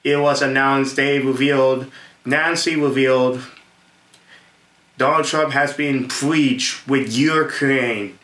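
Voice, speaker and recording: Host, male, bright edgy voice, rambling excited rant, echoey room, camera mic. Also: mid-range voice, takes it slowly. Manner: excited, repetitive, laughs often, stumbles over names.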